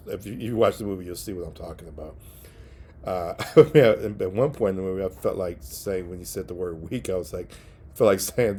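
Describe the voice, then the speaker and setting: A man giving a casual spoken movie review, relaxed and halting, with many fillers and restarts. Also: sits low, a little hiss or hum.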